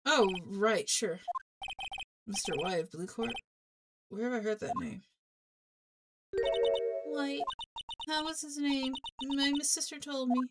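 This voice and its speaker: A woman's voice: high voice, slow, long pauses, voice pushed up. Woman reading an earnest young defense lawyer. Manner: reassuring, earnest. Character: earnest young male defense attorney, determined. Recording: music playing underneath.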